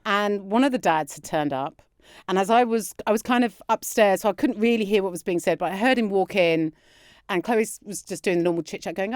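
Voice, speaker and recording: A woman's voice: mid-range voice, a little fast, no echo, studio quality. A woman, a comedian guest telling an anecdote in casual chat, acting out the quotes. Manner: animated anecdote with acted-out quotes.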